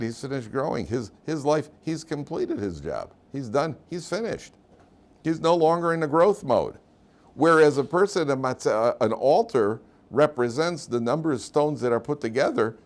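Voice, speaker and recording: Conversational rabbi, lowish male voice. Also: darkish tone. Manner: conversational, asks rhetorical questions, acts out quotes. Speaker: rabbi teaching a class. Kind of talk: informal Torah class.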